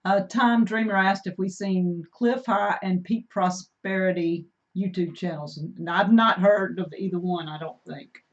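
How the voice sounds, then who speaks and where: A woman's voice: mid-range voice, fairly even intonation, unhurried, few pauses. A middle-aged woman, co-hosting a casual homestead live stream, chatty and reading out viewer comments. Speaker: homesteading channel co-host. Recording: dull lo-fi stream audio.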